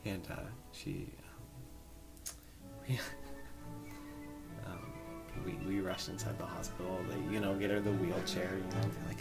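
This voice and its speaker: A young man co-hosting a podcast, telling a rambling made-up story with lots of fillers and pauses. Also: sits low, creaky, over loud music. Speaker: podcast co-host. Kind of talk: casual improvised storytelling.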